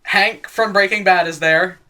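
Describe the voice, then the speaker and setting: A man's voice: high voice, steady tone, bright, forceful tone. A man casually retelling a scary story as comedy, rambling and swearing, often laughing at his own jokes. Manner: rambling, swearing, quick voice changes for quoted characters.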